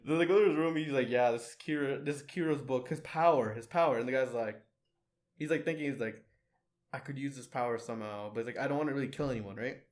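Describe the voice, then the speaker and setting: A young man on a casual podcast retells a story in a loose, rambling way. He stumbles through fillers and restarts and slips into quoted lines for the characters. His voice sits at an ordinary middle pitch. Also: quick pace, darkish tone. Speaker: podcast co-host. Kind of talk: casual chat, retelling an anime plot.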